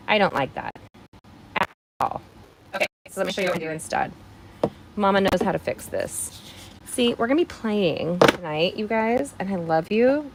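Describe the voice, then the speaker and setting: Woman host, casual crafting live stream, playful and chatty, slight vocal fry. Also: on the low side, noisy background. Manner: chatty, playful, talks to viewers by name. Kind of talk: live card-making demonstration.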